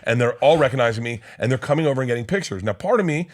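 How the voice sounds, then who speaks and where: A man in his fifties tears through a story at a rapid clip, swearing freely and slipping into the voices of everyone involved. His pitch sits at an ordinary middle height for a man. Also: expressive. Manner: rapid, profane, acts out voices in his stories. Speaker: podcast guest comedian. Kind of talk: animated storytelling chat.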